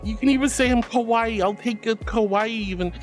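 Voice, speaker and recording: Playful woman streamer, high and very animated, theatrical delivery, faint music behind. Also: a little fast. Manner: playful and theatrical, swooping into grand mock-solemn tones. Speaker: VTuber streamer. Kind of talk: casual livestream chat.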